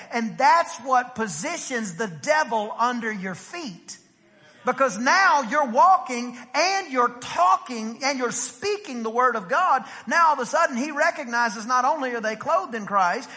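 A middle-aged pastor delivers an animated sermon in a church sanctuary, his very high voice ringing bright and forceful. Rhetorical questions, check-ins with the congregation, and acted-out voices fill it, and long hall reverb follows every phrase.

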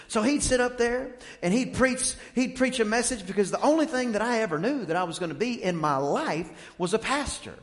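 A man preaching a sermon from the pulpit, telling stories and building from quiet talk to fervent shouting. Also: sits high, lively intonation, normal speed. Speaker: pastor. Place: church sanctuary. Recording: long church hall reverb.

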